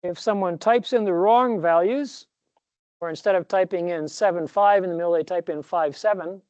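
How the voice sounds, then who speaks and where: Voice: mid-range voice, a little mellow, no echo, dull audio. A professor giving a recorded classroom lecture, rambling a little, correcting himself mid-sentence and dropping jokey asides.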